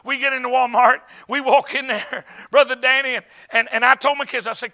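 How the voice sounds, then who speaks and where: A man, an evangelist preaching a revival sermon, telling stories in an animated way and breaking into shouts. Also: extremely high pitch, brisk, hardly any pauses. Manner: animated storytelling, bursts of shouting. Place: church sanctuary.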